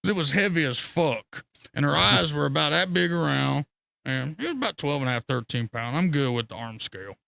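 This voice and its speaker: Guy rambling thru fishing stories on stream, cussing a lot, gravelly bright voice, dry close mic. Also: fairly high pitch, brisk, dry recording. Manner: rambling, profane, animated storytelling with laughter. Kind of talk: casual storytelling on a live stream.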